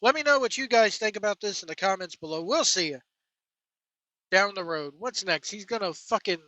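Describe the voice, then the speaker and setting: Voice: medium pitch, lively intonation, moderate pace, pushed and bright, no echo, poor audio. A wrestling vlogger delivering a sarcastic, profane rant to viewers. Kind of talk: ranting commentary to camera.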